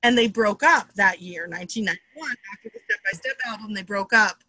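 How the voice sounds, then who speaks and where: A woman in her thirties from the Boston area, a comedian guest telling quick, animated stories and acting out what people said. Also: medium pitch, dry recording. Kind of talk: casual storytelling chat.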